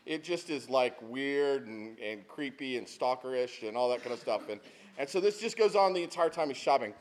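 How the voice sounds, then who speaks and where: A man's voice: medium pitch, expressive, normal speed. A man in his fifties, a pastor telling stories in a sermon, talking in a conversational, folksy way with asides to the congregation. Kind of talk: sermon with storytelling.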